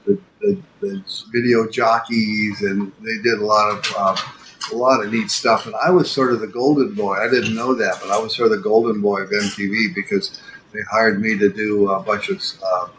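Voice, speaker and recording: An older man tells a story in a low, unhurried voice, full of ums and restarts. A steady noise sits under the recording. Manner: rambling, many fillers and restarts. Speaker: podcast guest, animator. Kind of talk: casual storytelling.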